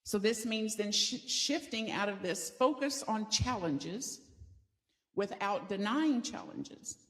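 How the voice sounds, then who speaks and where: A woman's voice: medium pitch, animated, takes it slowly. Playful woman preacher from the South. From American South. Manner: conversational and playful, leads the congregation in call-and-response. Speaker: pastor. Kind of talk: sermon. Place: church sanctuary.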